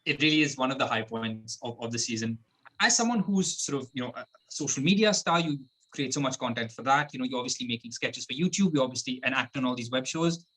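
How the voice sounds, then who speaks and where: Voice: mid-range voice, lively intonation, fairly bright tone, low-quality recording. An interview host asking long, chatty questions full of fillers. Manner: fast, chatty, many "you know"s.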